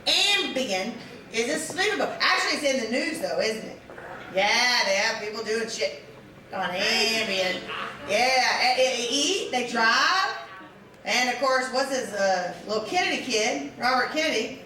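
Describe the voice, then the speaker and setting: A stand-up comedian in her fifties performs live, her slightly high voice pushed and bright, with lively intonation and a measured pace. She rambles and mocks herself, full of fillers and restarts. The sound is distant and echoey, with audience laughter filling the room.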